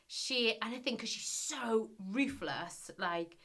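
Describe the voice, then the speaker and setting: A woman in a casual interview, telling her stories with animated delivery and acting out what people said. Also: fairly high pitch, slow. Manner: animated storyteller, acts out quotes. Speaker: guest, former reality TV business contestant.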